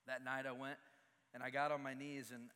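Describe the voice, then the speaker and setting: A man's voice: medium pitch, level tone, normal speed, sharp tone, clear, resonant tone. A young man preaching a sermon, earnest and confessional, rising to emphatic peaks. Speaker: pastor. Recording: long hall reverb.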